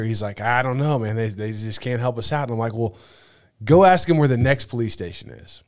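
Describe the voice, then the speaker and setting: A man's voice: mid-range voice, fast talker. A man telling a travel story on a podcast in casual chat, swearing often and acting out the people he met. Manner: animated, profane, acts out dialogue. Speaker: podcast guest.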